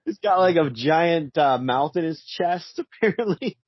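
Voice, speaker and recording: A man's voice: on the high side, animated, measured pace, dry recording, muffled recording. Laughing playful man co-hosting a podcast. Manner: laughing, playful, acts out quotes. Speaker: podcast co-host. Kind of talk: casual comic book chat.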